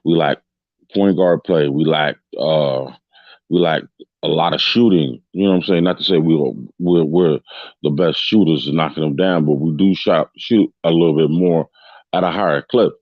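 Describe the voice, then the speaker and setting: A very deep-voiced man hosts a casual fan podcast, rambling on with restarts and constant check-ins with his listeners. The sound is dry and close, a little dull and lo-fi. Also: normal speed, no echo. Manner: rambling, loose and chatty, with many restarts and tag questions. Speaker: podcast host.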